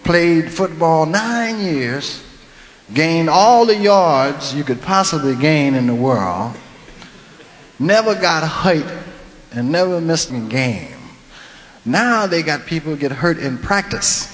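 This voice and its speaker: A man tells a comic anecdote with animated, laughing energy and a high voice. His voice rings out in a reverberant hall, with faint noise underneath. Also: slow. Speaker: comedian telling a story. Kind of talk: storytelling stand-up.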